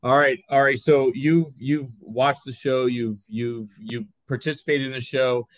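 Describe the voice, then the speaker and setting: An upbeat man co-hosting a live business chat show, mid-pitched and easygoing. He switches into a polished radio voice for the sponsor read, with a dry, close sound and no room around it. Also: steady tone, a little slow, no room sound, low-quality recording. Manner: upbeat, reads sponsor copy in a put-on radio voice. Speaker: podcast co-host.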